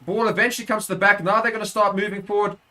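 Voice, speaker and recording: A man's voice: high-pitched, little pitch movement, very fast, sharp tone. A man giving live play-by-play commentary on a rugby match for a watchalong stream, correcting himself as he goes and rising sharply at big moments.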